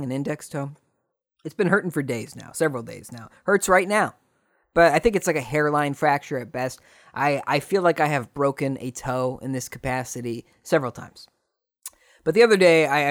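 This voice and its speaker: A man hosting a solo podcast, casually recapping an old TV episode with rambling asides and animated retelling. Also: medium pitch, dry recording, studio quality. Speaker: podcast host.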